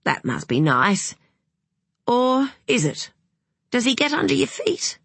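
A woman's voice: on the high side, big pitch swings, takes it slowly, gravelly, a bit bright, husky, no room sound, pitched above the performer's own voice, heavily acted. A narrator doing a fluttery anxious mother. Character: anxious, fussy mother of a young woman.

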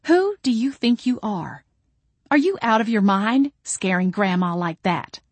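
A woman voicing a furious older sister who yells and sneers accusations in a storybook reading. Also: medium pitch, expressive, normal speed, no echo, lightly acted. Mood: yelling. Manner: yelling, sneering.

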